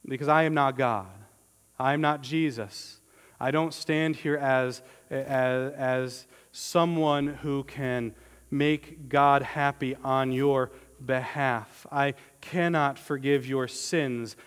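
A man preaching a sermon as pastor, earnest and emphatic, slowing down on key words and often restarting his phrases. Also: mid-range voice, fairly even intonation, clear, resonant tone, in a large hall.

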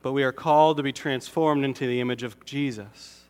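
A pastor from Connecticut giving a conversational sermon, with self-deprecating humor. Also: male voice, medium pitch, steady tone, fairly quick, darkish tone, clean tone, in a large hall.

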